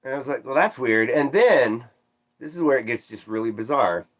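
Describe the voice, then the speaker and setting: A man livestreaming, casually recounting a strange dream and reading chat, with animated swoops up when quoting himself and self-deprecating asides. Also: mid-range voice, fairly quick. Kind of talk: casual rambling storytelling, reading chat aloud.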